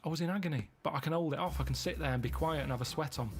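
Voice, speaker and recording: A man telling meandering stories in a flat, deadpan way during casual chat. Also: a little high, racing. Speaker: regular on a comedy podcast. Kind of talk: casual chat, rambling anecdotes.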